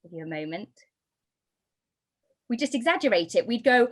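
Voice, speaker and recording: Woman giving an animated signing talk. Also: a little high, normal speed. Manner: animated, lively demonstrating with sing-song emphasis. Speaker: baby signing instructor. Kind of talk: talk to an audience.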